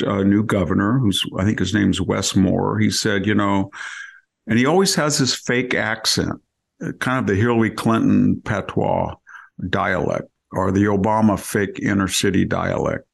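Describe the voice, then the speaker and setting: Low gravelly man arguing on a podcast. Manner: argumentative, asks rhetorical questions; frequent restarts and self-corrections. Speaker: podcast regular. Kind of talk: opinion podcast commentary.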